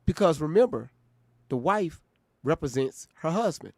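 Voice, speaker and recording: A man's voice: a little high, big pitch swings, moderate pace, a little mellow, no room sound. A man hosting a reaction stream, talking to his viewers in an emphatic, informal way. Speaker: reaction video host. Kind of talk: casual live-stream commentary.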